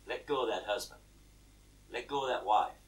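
A man voicing God as a calm, deep, hushed male voice in a sermon story, recorded from a distant mic. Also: moderate pace, natural voice. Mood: solemn.

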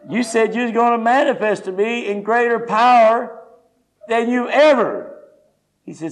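Preacher guy, kinda high voice, folksy storytelling sermon. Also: moderate pace. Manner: folksy, animated storytelling with quoted speech.

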